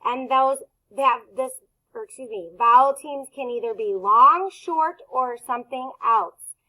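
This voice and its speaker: Woman, phonics teacher, bright clear tone, unhurried, patient sounding-out. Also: sits high, poor audio. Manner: slow, patient, sounding out words. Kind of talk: phonics lesson for children.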